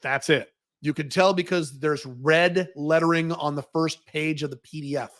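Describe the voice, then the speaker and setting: A man's voice: a little high, steady tone, normal speed, fairly bright tone. An American man hosting a Q&A stream, bluntly answering viewer questions with profanity and mocking impressions. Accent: General American. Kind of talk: livestream Q&A monologue. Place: living in Dubai.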